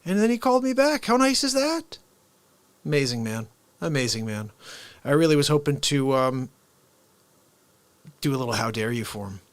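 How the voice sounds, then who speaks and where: A man's voice: medium pitch, normal speed, long pauses, dry recording. A man hosting a daily live variety show, chatting casually and jokily and laughing often as he wanders from topic to topic. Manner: animated, jokey, laughs often, drifts off topic. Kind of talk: casual livestream chat.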